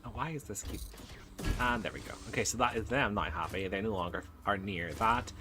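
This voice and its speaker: A man giving excitable let's play commentary, cooing at the baby creatures in his game. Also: on the low side, a little fast, noisy background. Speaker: gaming channel host. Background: game music.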